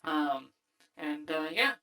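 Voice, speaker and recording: A man's voice: on the high side, animated, takes it slowly, bright, forceful tone, low-quality recording. A man hosting a livestream through a voice changer, rambling casually with lots of fillers and restarts. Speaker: streamer host. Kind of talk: casual stream wrap-up chat.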